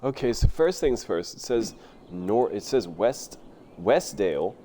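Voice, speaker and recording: Excitable lower-voiced male streamer. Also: measured pace, a little hiss or hum. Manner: excitable, rambling, self-talking. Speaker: video game streamer. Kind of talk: casual live gameplay commentary.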